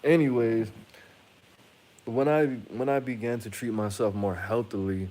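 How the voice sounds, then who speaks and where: A man's voice: medium pitch, steady tone, a little slow, darkish tone. A man hosting his own channel, talking in a blunt, profane, rambling monologue with frequent restarts. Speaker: channel host. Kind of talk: casual monologue to camera.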